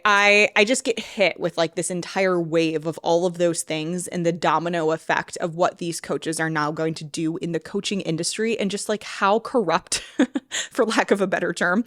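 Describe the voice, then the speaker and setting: A woman in her thirties talks through her solo podcast with a slightly low, emotional voice that keeps breaking into laughter. The sound is dry and close, with no room around her. She swears freely when she gets worked up. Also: fairly even intonation, normal speed, dry recording. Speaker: podcast host and mindset coach. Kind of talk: casual solo podcast talk.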